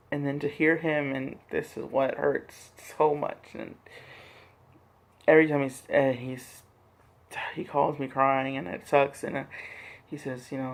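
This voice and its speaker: Gravelly earnest man venting on a vlog. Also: a little high. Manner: halting, repeats words, swears; earnest, impassioned. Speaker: vlogger. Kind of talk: personal vlog monologue.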